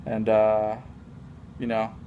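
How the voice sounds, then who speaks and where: A man's voice: lowish voice, completely flat delivery, slow pace, phone-quality sound, slight background noise. A young adult man telling a casual story in a rambling, mock-boastful way, full of filler words. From United States.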